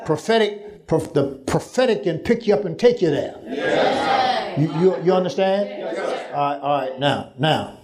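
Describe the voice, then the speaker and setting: A high-pitched man delivers a sermon in a large church hall. He builds to shouted lines and draws calls back from the congregation, whose noise fills the background. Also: animated, normal speed, crowd noise. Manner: call-and-response, rising to shouts. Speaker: preacher.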